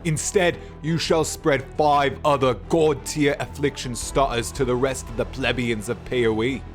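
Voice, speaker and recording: A man voicing Zeus as a haughty, bossy male god in a put-on Cockney accent, with slow, commanding proclamations. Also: medium pitch, steady tone, soft background music, close to an everyday voice. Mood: proclaiming. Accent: Cockney, put on badly.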